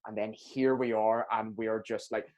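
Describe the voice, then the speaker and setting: A man's voice: fairly low pitch, little pitch movement, normal speed, a little mellow. A man hosting a podcast, joking and self-deprecating, laughing often. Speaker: podcast host. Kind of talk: casual interview chat.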